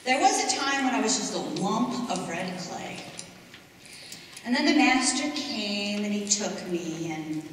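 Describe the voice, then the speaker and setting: A woman performing a dramatic monologue, telling a story in a measured, expressive, theatrical way to a live audience. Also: mid-range voice, slight background noise. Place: church hall, live audience. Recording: echoey hall from far off.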